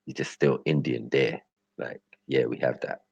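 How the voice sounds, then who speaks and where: A man's voice: very deep voice, fairly even intonation, moderate pace, creaky, a little mellow, breathy edge, no room sound. A young man hosting a live stream and bantering with his chat in loose street slang, rambling and laughing often. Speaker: livestream host. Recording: dull lo-fi stream audio.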